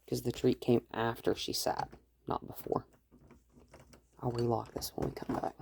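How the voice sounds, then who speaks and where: A woman dog trainer who gives calm, firm commands to a dog and explains each step to the viewer. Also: a bass voice, normal speed, creaky, noisy background. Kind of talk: dog training lesson, talking to camera and dog.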